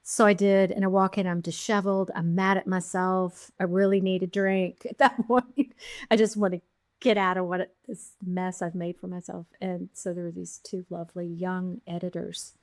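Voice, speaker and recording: A middle-aged woman, a podcast guest, telling her founding story with lively quoted voices. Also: on the low side, moderate pace, dry recording, studio quality. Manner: animated storyteller, acting out quotes. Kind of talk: storytelling interview.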